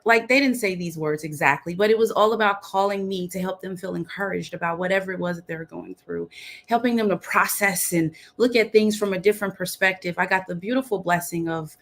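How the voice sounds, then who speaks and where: A woman's voice: mid-range voice, normal speed. Bubbly young woman on a video call. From Dallas, Texas. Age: young adult. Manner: bubbly, upbeat, laughs often. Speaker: guest. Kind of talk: casual chat.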